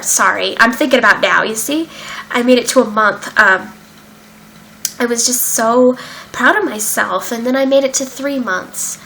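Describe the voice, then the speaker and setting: Bright-voiced young woman, candid vlog. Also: fairly high pitch, a little hiss or hum, poor audio. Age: young adult. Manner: candid and emotional, with frequent fillers and swearing. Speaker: vlogger sharing her recovery story. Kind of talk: casual personal account.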